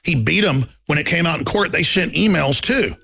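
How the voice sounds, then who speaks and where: A middle-aged man hosting a talk show, delivering an impassioned monologue with emphatic swings from quiet storytelling to loud defiance and acting out the people in his stories. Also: a little high, expressive, normal speed, vocal fry, breathy edge, faint music behind. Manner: acts out quoted people in the stories.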